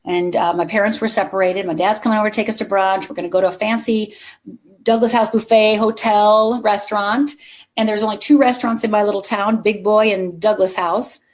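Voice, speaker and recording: A woman's voice: medium pitch, fairly even intonation, brisk. A middle-aged woman gives a motivational keynote at a conference. Her voice sits in an ordinary middle range. She shares her own story and often turns to the audience to speak to them directly. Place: conference hall with a live audience.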